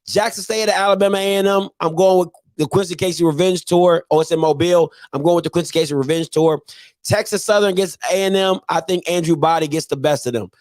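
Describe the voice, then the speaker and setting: Emphatic high-pitched man hosting sports talk. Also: steady tone, fast, a little mellow, dry recording. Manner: emphatic, repeats points, argues insistently. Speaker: host of a live call-in sports show. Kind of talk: casual live sports talk.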